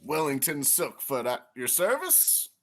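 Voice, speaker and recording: A man's voice: a little high, wildly swooping pitch, unhurried, fairly bright tone, full character voice. A man voicing a cocky, playful short halfling adventurer.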